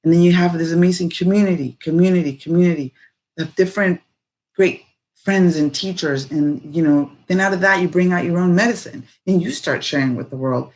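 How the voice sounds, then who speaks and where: A woman's voice: lowish voice, fairly quick. Woman rambling through a reflective talk. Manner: animated, rambling, many fillers.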